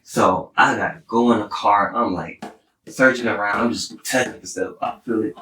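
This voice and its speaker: Low-voiced man telling a story. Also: moderate pace, sharp tone, a little hiss or hum. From Houston, Texas. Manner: rambling, many "like" fillers and restarts. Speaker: podcast guest, singer-songwriter. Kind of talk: personal storytelling. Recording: roomy, distant mic.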